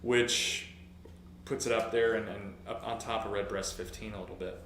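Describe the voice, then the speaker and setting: A man's voice: lowish voice, fairly even intonation, moderate pace, a bit bright. Enthusiastic man in an echoey room. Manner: enthusiastic, tallies scores. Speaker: whisky review co-host. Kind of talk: casual chat. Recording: echoey room with faint noise.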